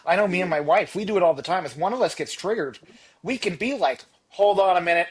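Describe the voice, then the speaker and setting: A man's voice: sits high, expressive, fast talker, breathy edge. A man co-hosting a podcast in casual reflective chat, explaining ideas earnestly with personal examples. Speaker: podcast co-host.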